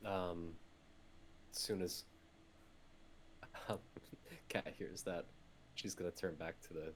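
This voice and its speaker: A man playing a tabletop game, talking in a hesitant, halting way. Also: low voice, fairly even intonation, slight background noise, low-quality recording. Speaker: player. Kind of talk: casual tabletop play.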